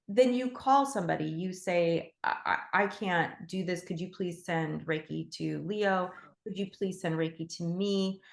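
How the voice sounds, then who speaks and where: A woman teaching animal Reiki in a gentle, heartfelt way, thinking aloud with fillers and restarts. Her voice sits a little low and has a gravelly edge. The sound is echoey, as if she were in a bare room. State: emotional. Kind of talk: casual spoken teaching.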